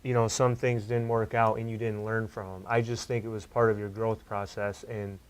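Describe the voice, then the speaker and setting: A man's voice: fairly low pitch, moderate pace, clear, resonant tone. Emphatic young man, casual podcast talk. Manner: animated, emphatic, says "like" and "dude" a lot. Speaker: podcast co-host.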